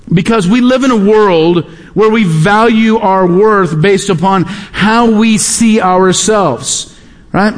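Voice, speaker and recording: A middle-aged man preaching a sermon as pastor, stressing points by repeating key words. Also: sits high. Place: large church hall. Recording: reverberant hall.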